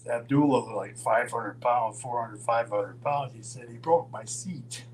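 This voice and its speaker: An older man from Minnesota telling road stories in a casual, animated way, acting out the voices of the people in them. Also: medium pitch, measured pace, a little hiss or hum, low-quality recording. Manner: animated storyteller, acts out quoted voices, chuckles. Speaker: storyteller guest.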